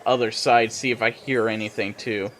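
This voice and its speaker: A man's voice: on the low side, fairly even intonation, moderate pace, fairly bright tone, a little hiss or hum. A man playing a tabletop game, eagerly describing what his character does. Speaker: player.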